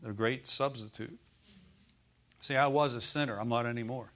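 A man's voice: medium pitch, steady tone, normal speed, a bit bright. Man preaching a folksy sermon. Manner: preaching with call-and-response, folksy phrasing. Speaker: pastor.

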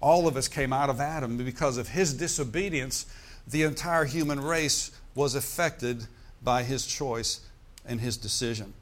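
A man preaching a sermon, slowing down to stress key words and asking the congregation "Amen?" between points. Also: mid-range voice. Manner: preacher's call-and-response with "Amen?" and "Praise the Lord". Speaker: pastor.

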